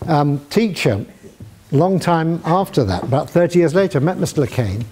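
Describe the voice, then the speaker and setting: An older man with a mellow, slightly raised voice tells stories to a student audience, chuckling as he goes. He slips into quoted voices now and then, keeping it loose and conversational. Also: fairly high pitch, lively intonation, moderate pace, breathy edge. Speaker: guest answering student questions. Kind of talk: anecdotal Q&A storytelling. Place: university lecture hall.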